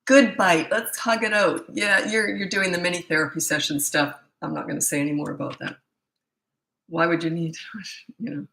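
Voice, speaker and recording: A woman's voice: low-pitched, fairly quick, creaky, sharp tone, echoey room, rough recording. A middle-aged woman, a parenting coach answering viewer questions live, blunt and incredulous, often laughing and mocking the questions.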